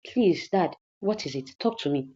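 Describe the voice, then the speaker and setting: A woman with a Nigerian accent voicing a daughter who gently coaxes and advises her father, in a movie recap. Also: on the low side, expressive, moderate pace, breathy edge, muffled recording. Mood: coaxing. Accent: Nigerian English. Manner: gentle, coaxing, repetitive. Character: caring teenage daughter coaxing her father.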